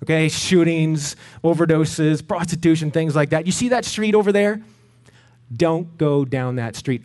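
A middle-aged man from Canada, a pastor telling a lively story in a sermon and acting out the voices of the people in it. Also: a little high, a little slow. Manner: animated storyteller, acts out voices.

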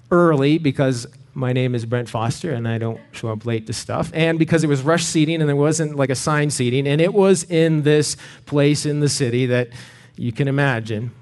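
A middle-aged Canadian-born man preaching from the pulpit. He spins the story with energy and acts out the voices of the people in it, in a voice that sits a little high for a man. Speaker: pastor. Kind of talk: storytelling sermon.

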